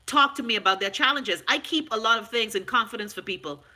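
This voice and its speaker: A Bahamian woman hosting a casual live stream, frank and animated, swearing freely and answering viewer comments. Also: on the high side, quick pace. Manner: loud, animated, talks back to viewer comments.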